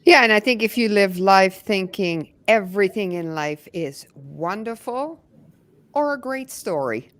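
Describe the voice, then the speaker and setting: Woman, very animated pitch, enthusiastic casual panelist. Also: measured pace. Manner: enthusiastic, uses "like" a lot. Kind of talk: casual webinar discussion.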